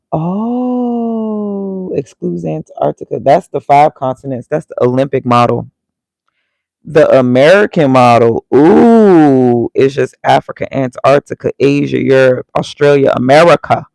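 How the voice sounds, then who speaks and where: A man's voice: mid-range voice, steady tone, normal speed, vocal fry, no room sound, poor audio. A man casually thinking aloud as he reads, muttering and reacting to himself. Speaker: vlogger.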